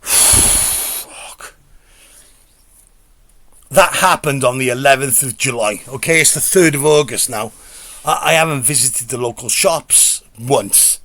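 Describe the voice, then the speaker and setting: A man's voice: mid-range voice, normal speed, pushed and bright, no room sound. A middle-aged man tells a comic story in a rambling, stammering, sweary, self-mocking way. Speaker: comedy vlogger.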